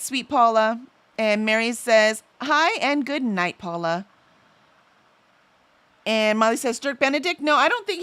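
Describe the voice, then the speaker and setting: A woman's voice: medium pitch, fairly bright tone, no room sound. A woman hosting a casual livestream, chatting and reading out viewer messages, easily sidetracked and full of fillers. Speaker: livestream host.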